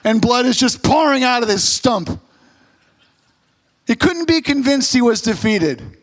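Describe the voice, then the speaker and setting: A man's voice: very high-pitched, lively intonation, a little slow. A male pastor preaching a sermon, telling a story and then rising to emphatic exhortation.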